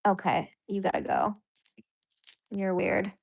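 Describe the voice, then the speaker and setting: A woman's voice: mid-range voice, huge pitch swings, takes it slowly, vocal fry. A woman hosting a casual live stream, chatting loosely with viewers, reading their comments aloud and laughing often. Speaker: livestream host.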